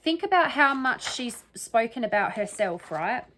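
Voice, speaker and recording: A woman's voice: on the high side, big pitch swings, measured pace, a bit bright. A woman giving casual solo commentary that analyzes the wording of an interview, thinking aloud and often checking in with "right?" and "okay?". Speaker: true crime commentator.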